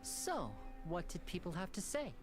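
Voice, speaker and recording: A calm practical npc, lowish voice, game music behind. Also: female voice, normal speed. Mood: assured. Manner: calm, assured. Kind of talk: game voice acting.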